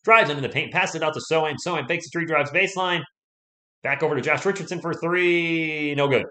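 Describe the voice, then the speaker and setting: A man's voice: fairly high pitch, a little fast, bright, forceful tone. A man doing casual solo play-by-play on a livestream, chatting with viewers and reading their messages between plays. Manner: chatty, reads chat aloud and thanks viewers between plays. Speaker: live stream play-by-play host.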